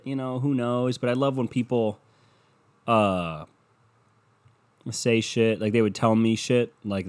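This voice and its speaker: A man's voice: lowish voice, darkish tone. A young man talking to his viewers in a loose, profane, rambling vlog rant, full of mocking asides.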